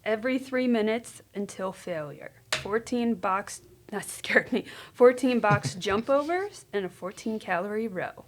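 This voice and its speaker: A woman's voice: mid-range voice, animated, a little slow, slight background noise. A woman chatting casually with some hesitation and fillers. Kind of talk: casual chat.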